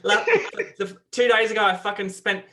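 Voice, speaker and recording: A man's voice: high voice, fairly even intonation, normal speed, pushed and bright, slight background noise. A man putting on a foul-mouthed Australian bloke with an Australian accent, swearing and laughing through a tall tale. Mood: rowdy. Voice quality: coarse, swears nonstop, laughing.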